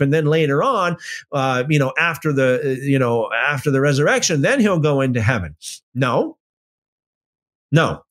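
A man giving informal Bible teaching in an emphatic, animated way, often restarting and using fillers. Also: mid-range voice.

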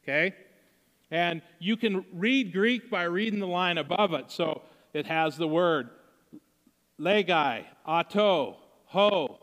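Male pastor, higher voice, bright and forceful, conversational sermon in a reverberant church. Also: unhurried. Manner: conversational preaching, acts out quotes.

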